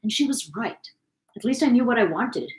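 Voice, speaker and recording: A young woman co-hosting a stream, chatty and animated, telling funny stories and laughing easily. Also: fairly high pitch, moderate pace, a little hiss or hum. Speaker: co-host. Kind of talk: casual chat.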